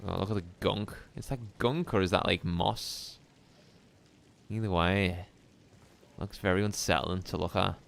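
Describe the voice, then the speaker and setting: Gravelly low-voiced man streaming a game. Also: a little slow, pauses often. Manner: relaxed, musing, chatty with viewers. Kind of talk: live gameplay commentary.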